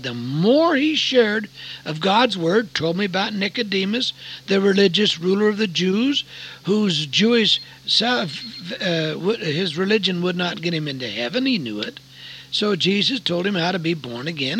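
Older guy preaching, gravelly and bright voice, goes soft and whispery sometimes. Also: sits high, low-quality recording. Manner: emotional storytelling, drops to a whisper at times. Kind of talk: sermon testimony.

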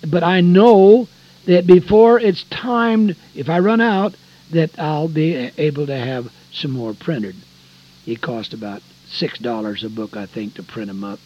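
An older man preaching a folksy radio sermon, emphatic, swinging between loud stretches and hushed ones. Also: fairly high pitch, unhurried, highs cut off.

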